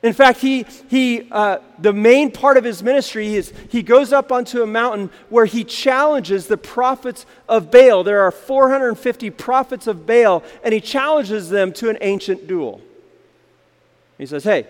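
A man preaching a sermon to his church, telling a story and acting out the voices in it, moving between loud and hushed delivery. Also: very high voice, measured pace, in a large hall. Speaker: pastor.

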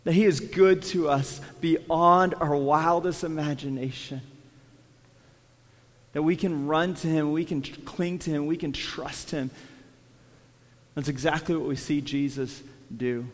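A man preaching a sermon as pastor, dropping to hushed lines and then rising to emphatic ones, and acting out quoted prayers with feeling. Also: on the high side, steady tone, measured pace, in a large hall. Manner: swings between quiet hushed lines and raised emphatic ones.

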